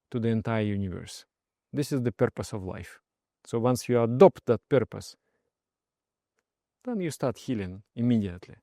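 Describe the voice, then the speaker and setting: Soft-spoken male meditation teacher, dry sound. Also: mid-range voice, dry recording. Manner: soft-spoken, often trails off quietly, laughs while telling stories. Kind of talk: personal story and spiritual advice.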